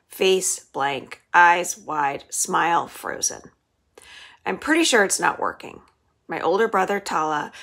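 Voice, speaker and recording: A woman's voice: fairly low pitch, vocal fry. A woman librarian reading the first chapter of a children's novel aloud, telling it expressively. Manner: expressive storytelling.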